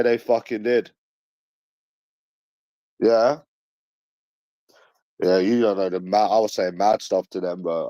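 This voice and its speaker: A man's voice: sits low, dark tone, no echo, dull audio. A man in his late twenties with a London accent, ranting casually with heavy swearing and street slang. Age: late 20s. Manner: swearing, boastful, aggressive slang.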